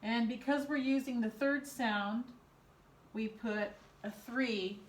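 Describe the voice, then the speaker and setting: A woman teacher dictates spelling words to young children, sounding out every syllable with slow, careful deliberation. Her voice sits a little high and carries an echo from the room around her. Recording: echoey room.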